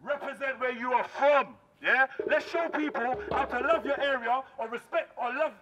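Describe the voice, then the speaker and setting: A man, leading a crowd outdoors in loud call-and-response, shouting so everyone can hear. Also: very high voice, moderate pace. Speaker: community outreach leader.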